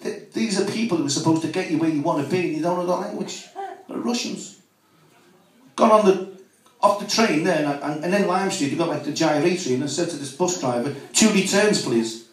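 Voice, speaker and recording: Liverpool stand-up comic in an echoey club. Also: male voice, on the high side. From Merseyside. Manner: rapid joke delivery with many "you know" fillers. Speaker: stand-up comedian. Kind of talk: stand-up comedy set. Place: club room with live audience. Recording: echoey room, distant mic.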